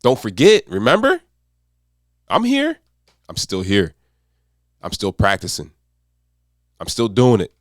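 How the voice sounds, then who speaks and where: A man's voice: on the low side, wildly swooping pitch, takes it slowly, long pauses, dry recording, studio quality. A man speaking as an accountability coach in a motivational monologue, repeating short mantras with emphasis.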